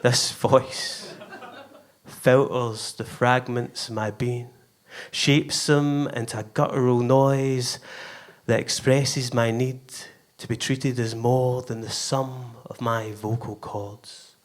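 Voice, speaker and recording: A man's voice: mid-range voice, steady tone, slow. A man from Scotland with a Scottish accent, performing his own poem live at a venue in a rhythmic, emphatic way. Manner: rhythmic, emphatic delivery with playful voice shifts. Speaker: performance poet. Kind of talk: live spoken word poetry.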